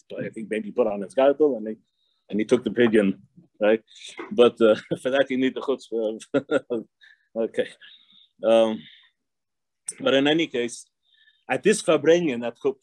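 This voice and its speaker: A man's voice: medium pitch, a little mellow, dry recording. A man, a rabbi, teaching an informal class, telling stories with many restarts and small laughs. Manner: digressive storytelling with frequent laughs and restarts.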